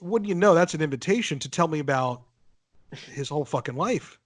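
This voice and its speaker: A man telling a story in casual chat, animated, swearing freely and acting out what people said. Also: fairly high pitch, a little fast. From northern United States. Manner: animated, swearing, acts out quotes. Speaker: podcast guest.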